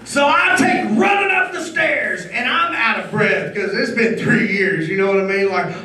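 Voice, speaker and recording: A middle-aged man doing a loud, crude, crowd-baiting stand-up comedy set on a club stage. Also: sits high, normal speed. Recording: roomy club sound from a distance.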